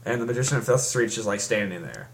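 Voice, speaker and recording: A man's voice: fairly low pitch, sing-song, fast talker, vocal fry, a little hiss or hum. Young man rambling through a plot recap. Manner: rambling, with many restarts and fillers. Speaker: fan recapping a comic. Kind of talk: casual chat.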